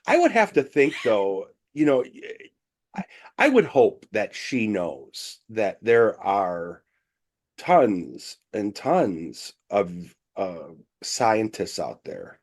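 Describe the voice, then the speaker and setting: A man with a fairly low voice chats eagerly as podcast host. He often repeats words as he restarts his sentences. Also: very animated, drawn-out words, darkish tone. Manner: enthusiastic fan chatter, repeats words as he restarts. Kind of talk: casual conversation.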